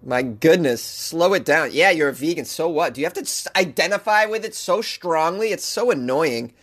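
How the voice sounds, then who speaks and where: A man hosting a comedy news show, reading odd headlines and riffing on them with sarcastic, animated rants and mock voices. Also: a little high, moderate pace. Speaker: podcast host.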